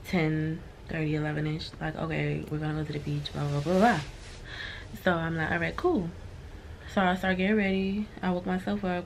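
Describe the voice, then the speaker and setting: A woman's voice: deep voice, creaky, a little hiss or hum. A woman vlogging from her hotel room, venting to her viewers in a frustrated, swearing, casual way.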